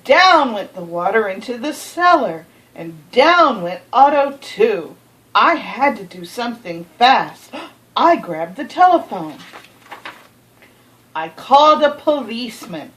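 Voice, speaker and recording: A woman reading a children's picture book aloud, expressive, with gasps and asides to the listener. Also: on the high side, takes it slowly, rough recording. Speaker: storybook reader.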